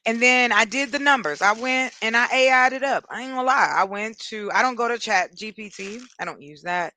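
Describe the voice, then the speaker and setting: A woman's voice: a little high, a little fast, sharp tone, dry recording. A woman speaking bluntly and emphatically in a casual panel chat.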